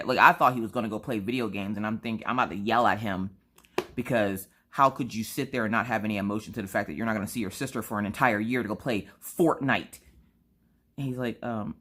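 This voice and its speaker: Very low-voiced woman telling family stories. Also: fast. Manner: animated, dramatic retelling, keeps adding "okay?". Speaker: vlogger and mother. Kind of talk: casual storytelling to camera. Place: home at night.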